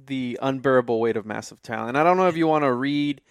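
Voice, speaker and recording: A man's voice: medium pitch, fast, smooth, no echo. A man guest on a casual podcast, enthusiastic and rambling, peppering his talk with "bro".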